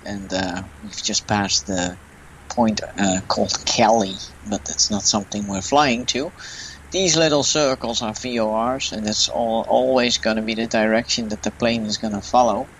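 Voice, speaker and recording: Dutch guy talking thru a flight sim, lowish voice, kinda unsure, faint game hum behind. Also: fairly even intonation, moderate pace, a bit bright, rough recording. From Netherlands. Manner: unsure, thinking aloud. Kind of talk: casual gameplay commentary.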